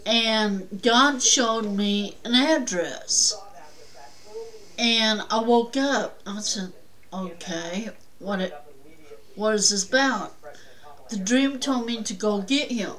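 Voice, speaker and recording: A woman's voice: a little high, a bit bright, rough recording. A woman guest on a talk show telling a personal story in a rambling, plainspoken way.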